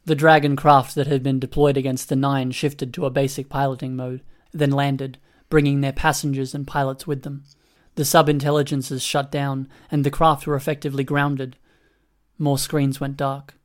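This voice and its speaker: A man narrating an audiobook in a steady, even reading voice. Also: medium pitch, moderate pace.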